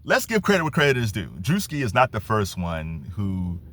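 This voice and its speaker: Animated man giving commentary. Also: on the low side, normal speed, no room sound. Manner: animated, laughs often, repeats words and restarts. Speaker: commentary channel host. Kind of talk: casual opinion commentary.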